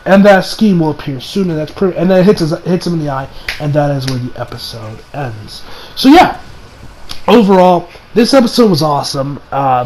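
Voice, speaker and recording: High-voiced young man reviewing anime. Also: a little hiss or hum, rough recording. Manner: animated, slangy, laughs often. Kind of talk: casual episode review.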